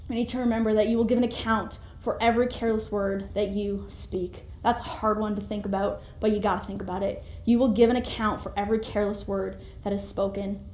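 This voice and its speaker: A young Canadian woman giving a sermon-like motivational talk, animated and quick to act out voices with sudden jumps in pitch and loudness. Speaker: speaker giving a devotional talk. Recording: roomy echo.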